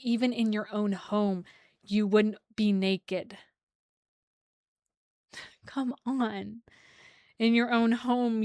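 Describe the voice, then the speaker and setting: A woman's voice: mid-range voice, dry recording, clean studio sound. A young woman giving a casual, emotional tarot reading to her viewers, full of "like" fillers. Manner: emotional, gushing, many "like" fillers. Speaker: tarot reader.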